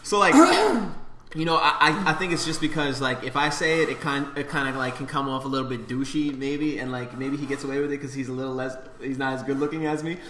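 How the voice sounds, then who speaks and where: A man co-hosting a podcast, telling stories in casual, profane, animated chat. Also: medium pitch, a little fast. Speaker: podcast co-host. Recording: echoey room with faint noise.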